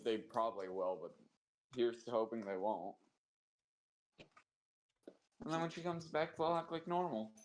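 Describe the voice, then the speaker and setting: A man's voice: medium pitch, rough recording. A man streaming live, chatting casually and rambling about his dogs and prices with loose, profane talk. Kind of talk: casual chat.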